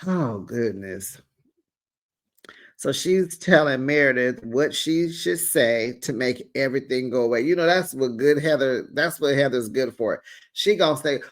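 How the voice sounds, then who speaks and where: Talking straight to viewers, a reality TV recap host gives casual, animated, colloquial commentary and mimics cast members. The voice is mid-range and unhurried.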